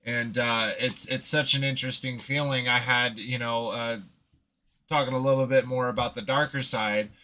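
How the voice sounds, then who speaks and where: A male host leads a relaxed conversation about faith. He speaks haltingly and restarts often as he reaches for the right words. His voice is bright and forceful. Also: mid-range voice. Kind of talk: casual faith discussion.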